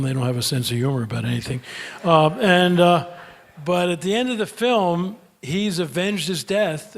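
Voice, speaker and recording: An older man speaks in a relaxed, folksy way, telling stories to an audience and drifting through fillers as he goes. His voice sits at an ordinary middle pitch. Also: gravelly, breathy edge. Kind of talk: motivational talk with Q&A.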